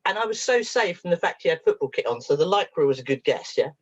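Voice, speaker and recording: A woman with a low, slightly husky voice speaks to an audience as a therapist. Her pitch swings widely as she jokes at her own expense. The recording sounds dull and lo-fi. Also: quick pace. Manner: lively and humorous, with frequent laughs and self-mockery. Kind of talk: storytelling talk to an audience.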